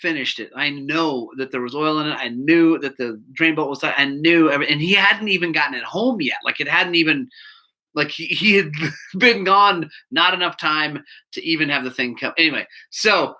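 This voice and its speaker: A man's voice: on the high side, moderate pace. A man who runs a bike shop, telling a rambling anecdote to his audience. He laughs often and interrupts himself. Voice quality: laughs often while telling stories, bleeps his own swearing. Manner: animated, rambling, self-interrupting anecdote teller. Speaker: bike shop owner and show host. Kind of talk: casual storytelling to a live audience.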